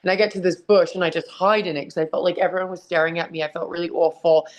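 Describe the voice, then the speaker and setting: A woman's voice: on the low side, fairly even intonation, fast talker. A woman guest, a wrestler and author, talking candidly and emotionally at home, swearing freely and speaking bluntly. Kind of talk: candid interview over a call. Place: at home with her dog nearby.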